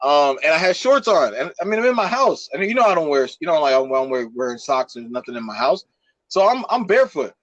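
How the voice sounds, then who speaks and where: A young male podcast co-host with a slightly high voice speaks briskly as he tells a lively, profane story crowded with fillers. There's no room sound, and the highs are cut off.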